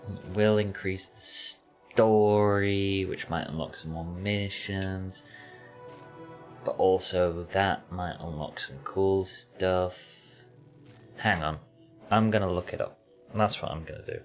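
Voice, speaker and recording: Man, very low voice, dry offhand streamer chat, faint music behind. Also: fairly even intonation, slow pace. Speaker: gaming streamer. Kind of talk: casual commentary while playing.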